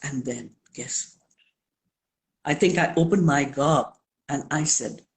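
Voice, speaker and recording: An older woman with a low, unhurried voice talks as an interview guest. She speaks deliberately and leans on words for emphasis, taking her time over each thought. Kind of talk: live interview talk.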